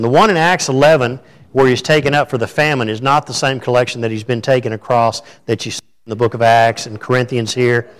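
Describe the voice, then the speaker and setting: A pastor delivers a sermon to his congregation. His talk is folksy and full of stories, with a middle-range male voice. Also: mid-range voice. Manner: folksy, storytelling. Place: church sanctuary.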